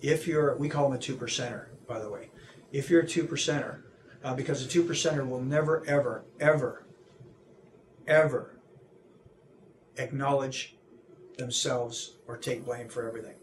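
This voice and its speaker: Man, interview guest, animated talker, puts on voices for quotes, restarts sentences, mid pitch, faint background hiss. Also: moderate pace, pauses often. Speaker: anti-bullying seminar speaker.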